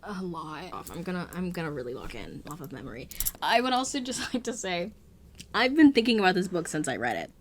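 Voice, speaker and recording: A woman's voice: lowish voice, big pitch swings, a little fast. A young woman casually retelling a book's plot, rambling with lots of fillers. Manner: rambling, full of "like" and "um". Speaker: guest book reviewer.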